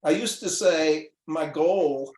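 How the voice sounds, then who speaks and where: A man with a slightly high voice tells his story earnestly and with animation. He plays out both sides of the conversations he recalls. The sound carries a noticeable room echo. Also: slow pace, a little mellow. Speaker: guest doctor. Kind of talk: casual storytelling on a call-in show.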